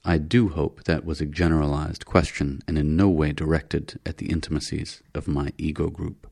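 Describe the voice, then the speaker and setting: A courteous alien leader with a low, gravelly voice and menace under every polite word, read by a man. He speaks smoothly and formally. An audiobook character. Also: flat delivery, normal speed, darkish tone, no echo, clean studio sound, exaggerated voice. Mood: menacing polite.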